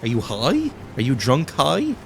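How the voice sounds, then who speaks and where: A man's voice: medium pitch, wildly swooping pitch, measured pace, gravelly, noisy background. A man hosting a let's play, making sarcastic jokes about the game as he plays. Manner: sarcastic, joking, laughs often. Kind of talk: jokey gameplay commentary.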